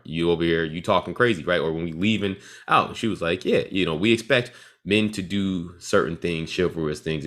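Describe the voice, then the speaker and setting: A man's voice: low voice, fairly bright tone. A man hosting a casual podcast chat, laid back, retelling stories and acting out what people said. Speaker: podcast host.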